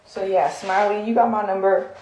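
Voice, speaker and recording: The woman's medium-pitched voice is a little mellow, with fairly even intonation and a moderate pace. She's a social media vlogger in an echoey room, ranting heatedly into her phone camera, using profanity, speaking bluntly and rambling with many fillers.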